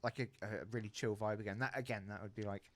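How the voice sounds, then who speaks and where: A man co-hosting a music podcast in easygoing casual chat, enthusiastic and quick to laugh along. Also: on the low side, steady tone, a bit bright. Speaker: podcast co-host.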